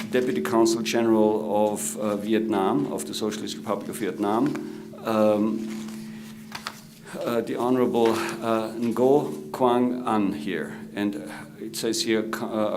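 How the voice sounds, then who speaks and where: A middle-aged man with an Austrian German accent who moderates a conference panel, introducing guests formally and pausing often with "uh". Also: lowish voice. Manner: halting, many "uh" fillers. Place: conference room.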